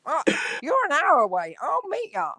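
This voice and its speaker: A woman's voice: sits high, wildly swooping pitch, normal speed, bright, forceful tone, no echo, clean studio sound. A woman with a North London accent, swearing bluntly and laughing as a guest on a casual live-stream panel. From London, England.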